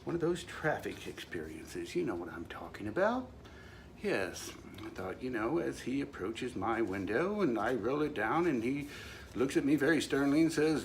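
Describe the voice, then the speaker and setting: A man's voice: mid-range voice, big pitch swings, moderate pace, a little hiss or hum. A man hosting his own show, telling a comic monologue in a wry, mock-solemn way with playful asides. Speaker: show host.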